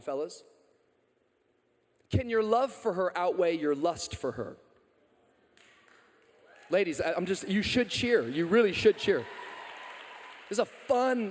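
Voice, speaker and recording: Brief: energetic male pastor, high voice, joking sermon, long hall reverb. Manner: energetic, joking, loud calls to the crowd.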